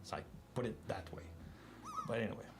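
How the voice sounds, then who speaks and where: A man's voice: fairly low pitch, fairly even intonation, a little fast, background noise. A man with a French Canadian accent, a native French speaker, chatting casually and rambling through asides while hosting a live coding stream.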